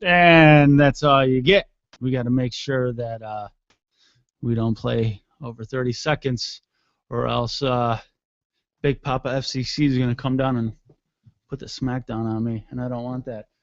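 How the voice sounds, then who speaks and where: A man's voice: medium pitch, flat delivery, normal speed, no echo, highs cut off. Sleepy rambling male radio host. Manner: rambling, joking, mildly profane. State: yawning and sleepy. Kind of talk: casual solo radio chat. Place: home studio room. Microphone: desk mic with headphones.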